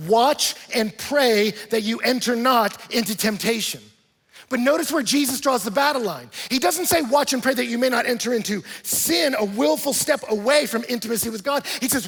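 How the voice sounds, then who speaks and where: A man preaching in a large church auditorium, his husky voice carrying long reverb from the room. He talks to the congregation in a lively, conversational way, tossing in playful asides, and his voice sits high for a man. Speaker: pastor. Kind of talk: sermon.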